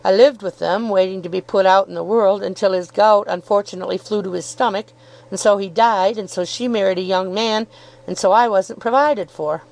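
This audiobook character reading has a woman playing a cheerful, good-natured young law student who chuckles and is self-deprecating. Her medium-pitched voice is creaky, a little mellow and near her everyday sound, with fairly even intonation and a brisk pace. The recording is rough.

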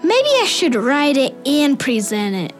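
A woman's voice: high-pitched, big pitch swings, unhurried, faint music behind. A woman voicing a boastful, pushy schoolboy in a children's audio drama. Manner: pushy, self-important.

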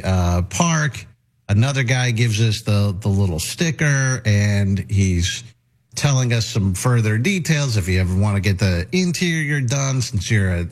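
A man's voice: on the low side, darkish tone. A middle-aged man hosting a radio show, telling a long rambling anecdote full of restarts and acted-out quotes. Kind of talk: casual talk radio storytelling.

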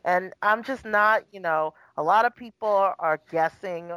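A woman's voice: mid-range voice, measured pace, fairly bright tone, clear, resonant tone, no room sound, poor audio. A woman chatting as a podcast co-host, exasperated and sarcastic, often voicing other people's lines. The sound is dry, with no room around her voice. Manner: exasperated, sarcastic, acts out quotes. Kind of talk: casual chat.

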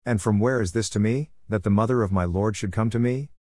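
Joyful older woman crying out a formal blessing, as read by a man. Low voice, dry and close. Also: brisk, darkish tone, no echo, lightly acted.

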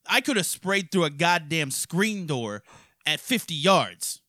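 A man from hosting a podcast, telling crude stories in a rowdy, profane, animated way. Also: fairly high pitch, unhurried, dry recording, clean studio sound. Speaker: podcast host. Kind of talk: crude casual storytelling.

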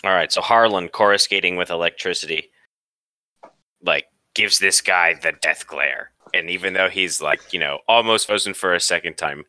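Man, tabletop player, deep voice, animated, dry sound. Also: moderate pace, no room sound. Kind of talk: casual tabletop game play.

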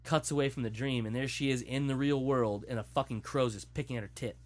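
Man, casual chat, animated profane storytelling, mid-pitched voice. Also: fast.

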